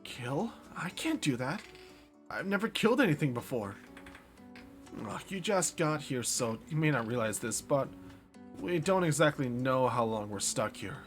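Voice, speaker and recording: A man's voice: mid-range voice, lively intonation, moderate pace, soft background music, natural voice. A man voicing a brash young female police officer in a game, bossy and matter-of-fact.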